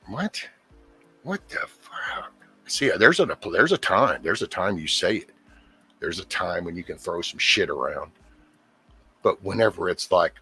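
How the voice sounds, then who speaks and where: A man hosting his own channel, talking in a casual, profane, exasperated ramble and mimicking other people in quick asides. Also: low-pitched, expressive, pushed and bright, breathy edge. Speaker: YouTube channel host.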